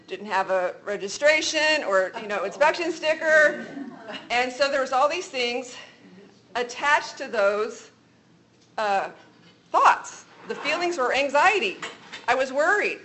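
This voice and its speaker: A woman's voice: fairly high pitch, fairly bright tone, a little hiss or hum, low-quality recording. A middle-aged woman co-hosting a Christian talk show, giving an earnest faith teaching and telling personal stories. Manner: earnest, testimony-style storytelling.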